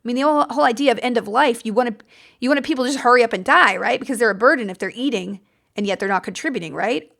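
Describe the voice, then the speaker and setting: An American woman with a somewhat high voice hosts a podcast in a loose, chatty way. She sounds enthusiastic and rambles a little, circling back with fillers and quick self-corrections. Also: vocal fry, a bit bright. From United States. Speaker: podcast host. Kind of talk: casual book-recommendation chat.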